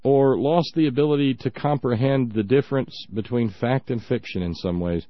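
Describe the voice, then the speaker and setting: A man's voice: mid-range voice, moderate pace, dry recording, highs cut off. A man hosting a talk radio show, ranting with indignant sarcasm.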